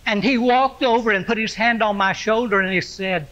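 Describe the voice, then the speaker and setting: A pastor delivering a slow, reflective first-person monologue as the apostle Simon Peter. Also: male voice, high voice, a bit bright, lo-fi sound. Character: Simon Peter, aging fisherman-apostle recalling his past.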